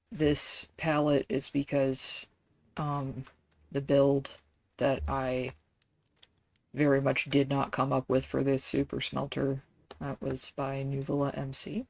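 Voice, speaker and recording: A woman's voice: a bass voice, no echo. A woman streaming a game, chatting casually and rambling with lots of fillers and self-deprecating asides.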